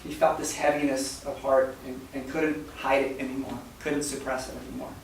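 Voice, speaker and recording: A man preaching a sermon as a story, soft-spoken and halting, with many fillers and repeated words. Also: medium pitch, flat delivery. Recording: very echoey hall, mic far off, faint noise.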